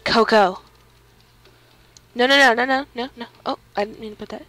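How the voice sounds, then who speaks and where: A woman's voice: fairly high pitch, moderate pace. Bubbly young-sounding woman gaming. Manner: bubbly and excitable, giggles, reads on-screen text aloud. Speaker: let's play gamer. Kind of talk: casual gameplay commentary. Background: faint game music.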